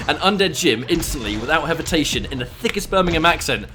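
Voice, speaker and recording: Brief: male esports caster, animated delivery, music under him. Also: fairly high pitch, quick pace. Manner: excitable, breaks into loud shouts at big moments. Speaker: esports commentator. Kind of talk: live fighting game commentary.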